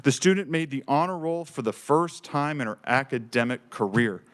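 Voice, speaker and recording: With a mid-range voice, lively intonation and a moderate pace, a man testifies passionately before a legislative committee in a state legislature room. He is a program director, speaking with emotional, earnest enthusiasm.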